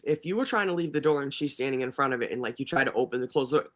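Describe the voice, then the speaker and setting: A man's voice: a little high, lively intonation, quick pace, hardly any pauses. A man co-hosting a livestream, reading trial testimony aloud and breaking in with mocking, profane asides. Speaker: livestream co-host.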